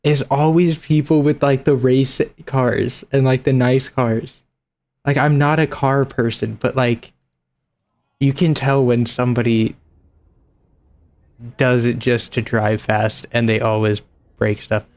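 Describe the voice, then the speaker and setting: A man's voice: mid-range voice, steady tone, slow, darkish tone. A young man streaming, chatting casually and laughing as he reacts to videos, with casual swearing.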